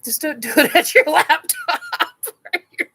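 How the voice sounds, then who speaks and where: A woman's voice: very high voice, wildly swooping pitch, a little slow, a bit bright, a little hiss or hum. A woman hosting a casual live chat, giddy, laughing often and swearing while she answers comments. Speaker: live stream host. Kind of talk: casual live chat reacting to a painting video.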